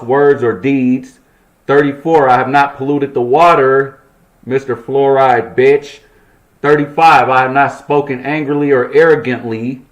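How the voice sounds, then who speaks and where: Profane man riffing through a list. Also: medium pitch. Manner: profane, joking asides between numbered items. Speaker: channel host. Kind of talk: reading a list with loose commentary. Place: apartment.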